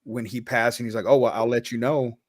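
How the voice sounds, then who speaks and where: A man's voice: mid-range voice, fairly even intonation, fairly quick, no echo, clean studio sound. A man telling a personal story in a casual podcast chat. He talks candidly, swears freely and restarts his sentences, and he sounds a little choked up. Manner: candid and profane, loose with restarts.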